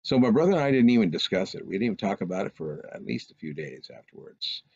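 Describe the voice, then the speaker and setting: A man's voice: lowish voice, sing-song, quick pace, a little mellow, slightly rough, no echo. A man telling a personal anecdote in a casual, rambling, meandering way. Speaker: storyteller recounting a personal experience. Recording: dull lo-fi recording.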